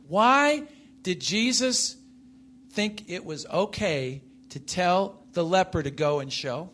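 High, bright-voiced male preacher. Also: lively intonation, slow, slight background noise. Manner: emphatic, rises and falls in pitch and loudness, asks the congregation questions. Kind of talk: sermon.

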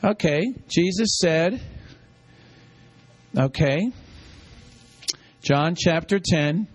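High-voiced man preaching slowly. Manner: call-and-response teaching, repeating lines for the congregation. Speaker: pastor. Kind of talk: sermon.

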